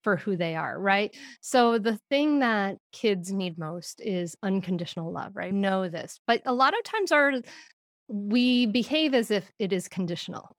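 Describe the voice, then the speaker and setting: A woman speaking as a guest expert on parenting in an interview, with an earnest, gentle, explanatory manner. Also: mid-range voice, expressive, a little slow, dry recording, studio quality. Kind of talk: interview answers.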